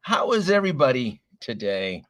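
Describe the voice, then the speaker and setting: A man's voice: mid-range voice, very animated, normal speed, fairly bright tone, a little hiss or hum. A middle-aged man hosting a casual late-night livestream, recovering from a chest cold and a little short of breath, greeting viewers one by one with plenty of "uh"s. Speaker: livestream host. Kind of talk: casual live-stream chat reading viewer names.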